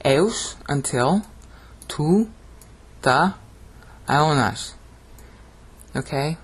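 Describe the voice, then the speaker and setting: Husky voice, middle pitch, video lesson, explanatory, dramatic chanted emphasis on phrases. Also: measured pace, long pauses. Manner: explanatory, often checks in with "okay?". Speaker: Bible language teacher. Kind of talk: video lesson on screen slides.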